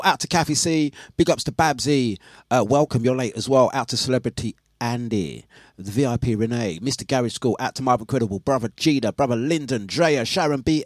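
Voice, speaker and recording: A man's voice: medium pitch, dry recording. A man hosting a casual breakfast radio show, chatting, reading listener messages and laughing often. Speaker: radio DJ and host.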